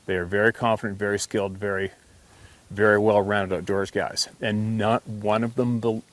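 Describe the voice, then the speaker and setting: A man's voice: fairly low pitch, little pitch movement, moderate pace. A man hosting a hunting channel, telling a story in a casual, earnest, emphatic monologue full of restarts.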